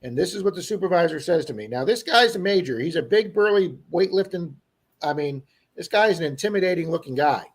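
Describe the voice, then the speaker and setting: A man co-hosting a livestream, telling an animated story to his viewers in a casual chat. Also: on the high side, a little fast, slightly rough. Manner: animated storyteller who acts out quoted people. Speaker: livestream co-host.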